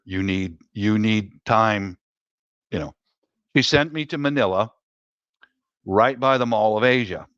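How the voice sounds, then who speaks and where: Middle-aged male storyteller, chatty and quick to laugh, dull lo-fi dry audio. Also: on the low side, dry recording. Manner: laughs often at his own stories. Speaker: guest telling stories. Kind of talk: casual storytelling chat.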